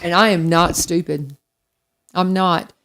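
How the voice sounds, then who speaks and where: A woman co-hosting a radio talk show, telling a story in a lively, self-deprecating way and speaking straight to the listeners. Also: fairly low pitch, slow. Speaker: radio co-host. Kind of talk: casual chat.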